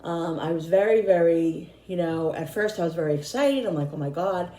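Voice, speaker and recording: A middle-aged woman talks to her viewers in a loose, rambling way, circling back over the same points. Her voice is low, mellow and a little hoarse, and she sounds tired. The sound is echoey, as if she is recording in a bare room. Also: moderate pace. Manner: rambling, repeating herself. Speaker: vlogger. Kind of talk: casual chat to camera.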